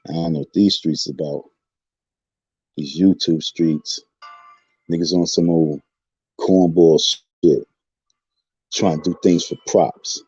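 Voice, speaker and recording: A husky-voiced man, a little tipsy, boasts and taunts his rivals in loose street slang. He rants off the cuff on a livestream. The audio is dull and lo-fi. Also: low voice, fairly even intonation, measured pace, warm tone, no room sound, soft background music. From Southside Jamaica, Queens, New York. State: tipsy from drinking. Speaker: livestream host. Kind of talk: unscripted livestream rant.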